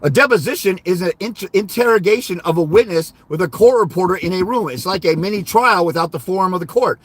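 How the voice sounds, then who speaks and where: High-voiced man in an angry profane rant. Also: lively intonation, quick pace, husky, no room sound. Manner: heated, profane, insulting rant. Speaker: host of a fathers' rights livestream. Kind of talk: angry monologue recounting a client call.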